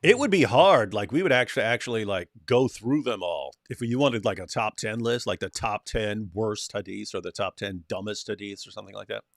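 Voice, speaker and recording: A man's voice: lowish voice, fairly quick, creaky, few pauses, dry recording, studio quality. A man co-hosting a casual livestream, reading viewer comments and joking with his co-host. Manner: animated, reads viewer comments aloud with mocking voices.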